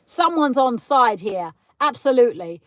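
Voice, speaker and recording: A woman's voice: fairly high pitch, big pitch swings, unhurried, a bit bright, dry recording. A British woman hosting a casual live stream, chatting and ranting as she answers viewer comments. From Britain. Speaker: livestream host.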